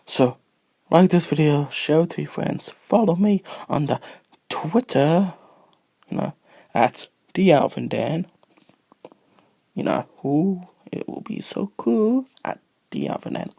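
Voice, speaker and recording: A man with a cough rambles through a video blog, slipping into whispers and losing his thread. His voice is gravelly and husky, and he speaks slowly. The sound is dry and close. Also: fairly high pitch, lively intonation, warm tone, dry recording. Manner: rambling, easily distracted, drifts into whispers. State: sick with a cough. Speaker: video blogger. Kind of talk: rambling casual monologue. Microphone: phone camera.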